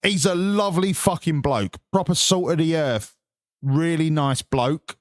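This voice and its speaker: Slow, sweary sarcastic English man. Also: a little high, dry recording, clean studio sound. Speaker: stream host. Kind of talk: casual chat.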